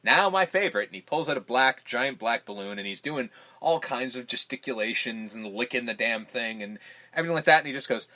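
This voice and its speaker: A man's voice: mid-range voice, fairly quick. A man co-hosting a podcast, casually retelling a movie scene by scene, acting out the lines and swearing freely. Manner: animated, acts out quoted lines, swears casually. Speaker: podcast co-host. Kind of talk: casual movie recap chat.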